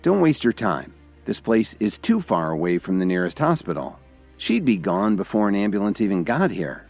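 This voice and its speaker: A man's voice: fairly low pitch, big pitch swings, normal speed, no room sound, faint music behind. A man voicing a modest young man who plays down his own deeds. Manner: modest, understated.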